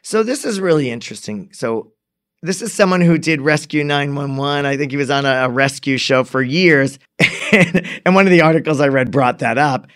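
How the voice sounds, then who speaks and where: A man with a somewhat high-pitched voice co-hosts a casual true crime chat. He tells the story animatedly and slips into the voices of the people he quotes. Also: moderate pace. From lives in New York. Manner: animated storyteller who acts out quoted dialogue. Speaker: podcast co-host.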